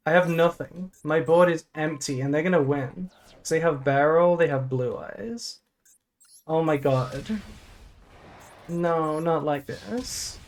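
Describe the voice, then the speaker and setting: A woman's voice: low-pitched, slow, pauses often, a little mellow. A woman streamer casually thinking aloud through a card game, swearing and groaning melodramatically at her bad luck.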